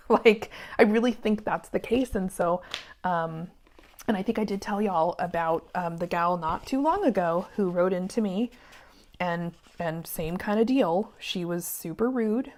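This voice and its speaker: A woman's voice: medium pitch, unhurried, darkish tone. Small biz woman chatting while sewing, rambly, venting, mutters in whispers sometimes. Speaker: small business owner and vlogger. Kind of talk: casual chat while sewing.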